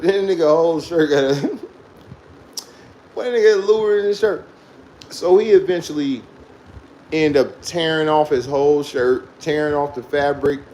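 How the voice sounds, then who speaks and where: This time his voice sits on the high side with a darkish tone, and a little hiss or hum runs under the rough recording. Laughing through it, he loosely recounts a childhood tale peppered with profanity.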